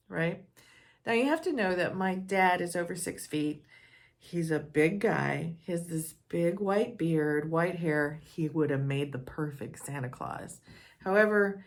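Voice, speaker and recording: Woman speaker sharing a personal story, lively and expressive, with some vocal fry. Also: lowish voice. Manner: animated, acts out dialogue, laughs often.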